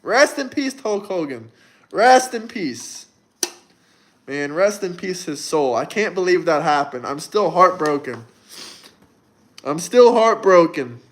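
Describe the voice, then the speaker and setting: A man's voice: high-pitched, very animated, takes it slowly, pauses often. A man in his twenties hosting a livestream, talking to chat in a brash, mocking, provocative way. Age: 20s. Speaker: livestream host. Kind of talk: live-stream chat.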